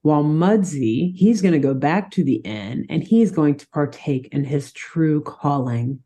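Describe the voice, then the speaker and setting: A woman's voice: deep voice, measured pace. A young woman co-hosting a podcast, animatedly retelling a cartoon plot with frequent laughter. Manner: animated storytelling, laughing often. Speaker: podcast co-host recapping a cartoon. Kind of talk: casual chat.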